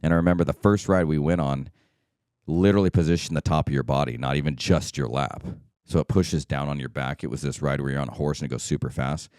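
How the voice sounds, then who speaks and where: A man's voice: a bass voice, fast talker, a little mellow, clean tone, no room sound, clean studio sound. A man hosting a solo podcast, talking casually and checking in often with "right?" and "okay?". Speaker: podcast host.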